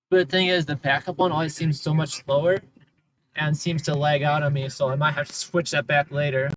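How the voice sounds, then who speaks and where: A man's voice: a little high, poor audio. Chatty man grumbling through city traffic. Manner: chatty and sarcastic, grumbling at other drivers. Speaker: livestreamer. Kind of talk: casual livestream commentary while driving. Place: inside a car on city streets.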